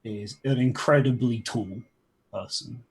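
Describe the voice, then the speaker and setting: A man narrating as game master of a tabletop game, halting, with frequent ums and restarts. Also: medium pitch, husky.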